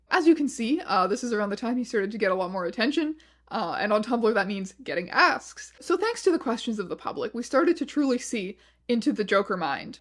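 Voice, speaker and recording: Lady reading weird posts for a commentary video, kinda high voice, wry and disbelieving. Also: big pitch swings, brisk. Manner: wry, incredulous asides. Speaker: video essay host.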